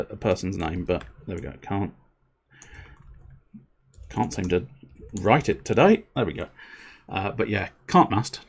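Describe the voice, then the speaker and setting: A young man chatting casually to his stream audience, rambling, self-deprecating and swearing now and then. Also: low voice. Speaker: livestreamer.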